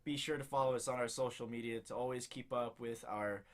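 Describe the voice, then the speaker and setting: A young man with a mid-range voice talks a little fast while co-hosting a laid-back podcast. He tells animated stories and laughs frequently.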